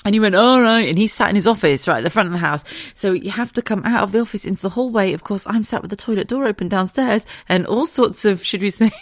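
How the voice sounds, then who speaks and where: A woman's voice: mid-range voice, fast talker, few pauses, no room sound, clean studio sound. A woman in her thirties hosting a podcast, telling a frank, sweary story and laughing often. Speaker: podcast host. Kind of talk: casual storytelling monologue.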